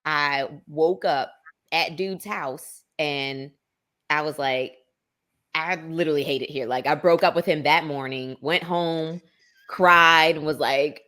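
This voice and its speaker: Woman, thirties, low voice, casual podcast chat, animated storyteller. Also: slow pace. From Maryland, USA. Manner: animated storyteller, acts out quoted lines in a higher voice. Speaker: podcast guest.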